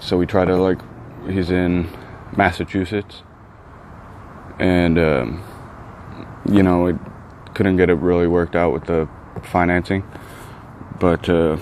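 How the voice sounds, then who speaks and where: A man in a casual vlog, talking in a rambling, excitable way and often saying dude. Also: sits low, slow pace, slight background noise. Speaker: vlogger.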